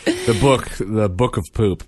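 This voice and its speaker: A man with a fairly low voice tells a family story as a casual podcast co-host. His pitch swings widely as he acts out the voices in the story. The sound is dry and close. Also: measured pace, breathy edge, no room sound. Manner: animated, acts out quotes in higher and lower voices. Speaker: father.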